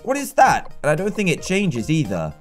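Man, let's-play commentary, chatty and excitable, slightly high voice, soft game music behind. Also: normal speed. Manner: chatty and excitable, talks to the characters. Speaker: gaming YouTuber.

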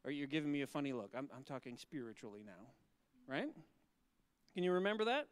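A male pastor talking gently with children and asking them questions, then reading scripture slowly and solemnly. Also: mid-range voice, very animated, clean tone, dry recording.

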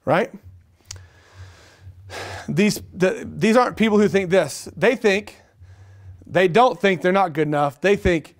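A middle-aged male pastor preaching a sermon, animated and repetitive, asking the room questions. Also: high-pitched, slow, pauses often. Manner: animated preaching with repeated phrases and rhetorical questions.

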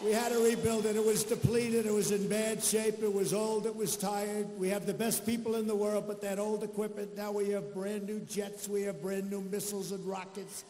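An older man speaking at a campaign rally in a high, strained register. He boasts, repeats short phrases, and drifts into off-the-cuff asides. His voice rings through a big echoing arena over a faint crowd murmur. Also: little pitch movement, normal speed, few pauses, dark tone, a little hiss or hum. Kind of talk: political rally speech.

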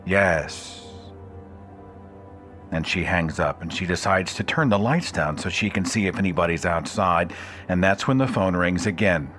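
A man hosting a podcast, narrating a spooky story in a measured, suspenseful way. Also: sits low, lively intonation, fairly bright tone, faint music behind. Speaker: podcast host.

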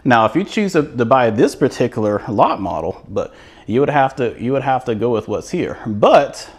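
Enthusiastic male home-tour host, lively up-and-down delivery, casual and chatty. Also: mid-range voice, moderate pace, husky. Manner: enthusiastic, chatty, repeats words. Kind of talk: casual walkthrough narration. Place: inside a manufactured home show model.

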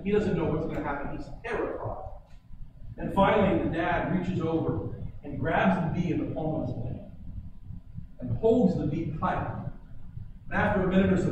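A man preaching a sermon as pastor, shifting between forceful emphasis and quiet, slowed lines. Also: fairly high pitch, dull audio. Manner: builds to forceful emphasis then drops quiet. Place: church sanctuary. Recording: echoey church hall, distant mic, background noise.

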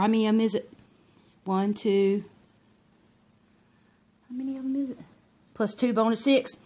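A woman's voice: mid-range voice, noisy background. A woman chatting casually in a haul vlog, folksy and rambling as she shows off what she bought. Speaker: vlogger.

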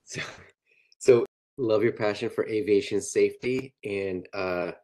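A man hosting a panel discussion, thinking aloud in a measured way with fillers. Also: fairly low pitch, mellow.

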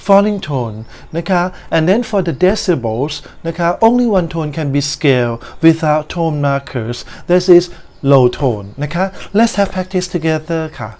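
A woman's voice: deep voice, mellow. Thai-accented woman teaching a language lesson. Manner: slow, careful explanation with Thai politeness particles.

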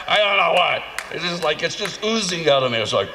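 Animated male preacher in a reverberant church hall. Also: a little fast. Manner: animated, self-mocking, jumps into high voices for comic asides. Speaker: conference speaker. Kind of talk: humorous sermon storytelling. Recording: long hall reverb, faint room noise.

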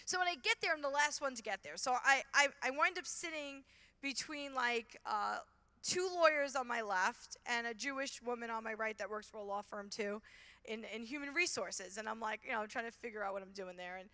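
A woman's voice: on the high side, a little fast. A woman speaking at a conference, telling a faith story as a youth minister and acting out conversations. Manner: animated, acts out dialogue with voices.

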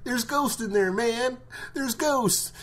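A man doing a panicky high-voiced prisoner. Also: slow, a bit bright, slight background noise, full character voice. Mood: scared pleading. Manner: pleading, panicky. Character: frightened male prisoner pleading.

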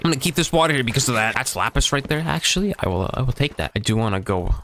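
A man's voice: mid-range voice, animated, quick pace, few pauses, background noise. A man giving casual running commentary while playing a game, talking to himself and swearing freely. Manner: chatty running self-talk, swears casually. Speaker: gaming channel host.

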